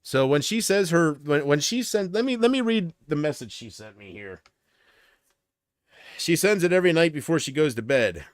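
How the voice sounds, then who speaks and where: A man's voice: on the high side, lively intonation, normal speed, no echo, studio quality. Rambling, profane livestreaming man. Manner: rambling, profane, talks to chat by name. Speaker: livestream host. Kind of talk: casual livestream rant to chat.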